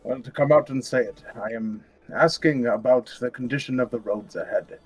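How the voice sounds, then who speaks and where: A man's voice: medium pitch, normal speed, husky, faint music behind, poor audio. A man playing a tabletop game, speaking in a formal, stilted way as his character. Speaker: player. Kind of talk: in-character tabletop role-play.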